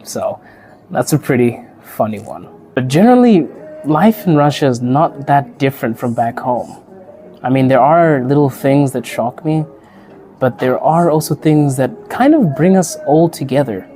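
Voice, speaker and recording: A man from Africa, a podcast host and teacher, chats casually to the camera, laughing often and acting out the people he quotes. He speaks at normal speed in a medium-pitched, dark-toned voice with lively intonation, and faint music plays behind him.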